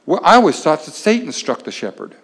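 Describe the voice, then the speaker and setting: A man preaching a sermon in a conversational way, pausing dramatically and dropping his voice very low for emphasis. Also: very animated, a bit bright, husky. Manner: conversational, dramatic pauses, drops to near-whisper for emphasis. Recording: long reverb of a large hall.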